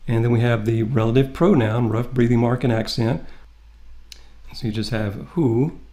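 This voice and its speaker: Guy teaching greek grammar, steady mid voice, reads the greek out slow. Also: medium pitch. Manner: methodical, reads Greek aloud slowly. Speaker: Greek instructor. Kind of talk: classroom lecture.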